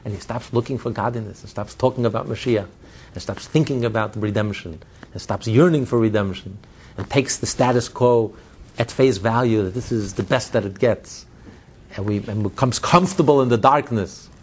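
A man teaching a Hasidic text in a spoken lecture. He builds emphatic runs of repeated phrases, then drops to quiet, low asides. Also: normal speed, slightly rough. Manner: swings between loud stress and low, quiet asides. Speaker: Torah teacher.

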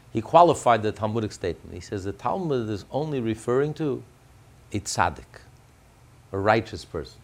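With a creaky voice on the low side, a man teaches a class on a religious text. He's emphatic, frequently going back to repeat or restart what he's saying.

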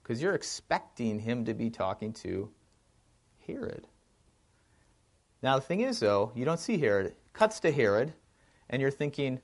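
A man leading an informal film discussion, animated and thinking aloud with frequent restarts. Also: medium pitch, normal speed, long pauses.

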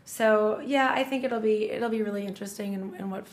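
Chatty middle-aged woman, animated talk. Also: medium pitch, a little fast. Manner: chatty, restarts often, enthusiastic. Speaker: guest. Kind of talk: casual podcast conversation.

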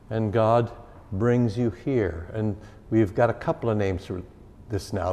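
A man's voice: on the low side, warm tone. A man, a pastor, teaching a catechism class in a conversational way and repeating key phrases for emphasis. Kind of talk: informal teaching talk. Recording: long reverb of a hall.

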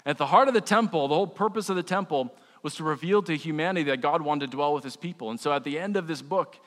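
A man with a slightly high voice preaches to his congregation in a relaxed, joking way, often restarting his sentences. His voice rings out with a long reverb, as in a large church sanctuary. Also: fast talker. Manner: conversational preaching with humor and repeated restarts. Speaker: pastor. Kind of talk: sermon.

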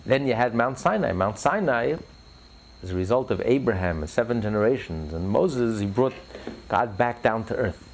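Gravelly fervent male preacher. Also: medium pitch, lively intonation, normal speed, slight background noise. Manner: fervent, builds to rising emphatic peaks. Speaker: religious speaker. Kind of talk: impassioned religious talk.

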